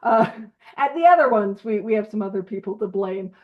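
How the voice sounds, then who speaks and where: A woman leading a recovery Big Book study, reading passages and explaining them in a playful, animated way with self-deprecating asides. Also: medium pitch, moderate pace. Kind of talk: informal recovery-group teaching. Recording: slightly muffled audio.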